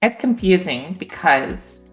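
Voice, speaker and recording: A woman's voice: on the low side, lively intonation, slow pace. A woman hosting a casual live stream chat, chatty and giggly. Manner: chatty, giggly, self-described nerd. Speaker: streamer host. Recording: roomy echo with faint music.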